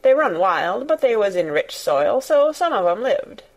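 A woman's voice: mid-range voice, sing-song, measured pace. A woman doing a grumbling old gardener. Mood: grudging. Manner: grunting, grumbling, curt. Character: grumbling old male gardener, gruff and cross.

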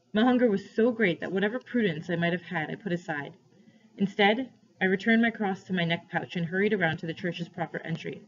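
A woman teacher reading a novel aloud to students, with steady, expressive narration, in a dull lo-fi recording. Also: on the low side, brisk.

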